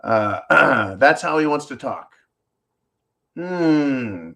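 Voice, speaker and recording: A man's voice: medium pitch, lively intonation, drawn-out words, pushed and bright. A middle-aged man hosting a profane, sarcastic commentary monologue, talking straight to his viewers as folks. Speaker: channel host. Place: indoors, tropical home.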